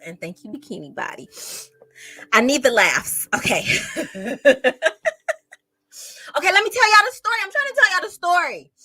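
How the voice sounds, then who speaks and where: A woman's voice: mid-range voice, pushed and bright, dry recording, rough recording. A woman, a teacher, hosting a casual true crime livestream, chatty and emotional, close to tears as she greets viewers in the chat.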